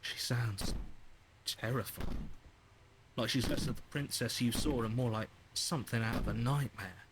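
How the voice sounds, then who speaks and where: An actor voicing a calm male narrator in a video game, speaking in measured second-person narration. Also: medium pitch, noisy background, close to an everyday voice.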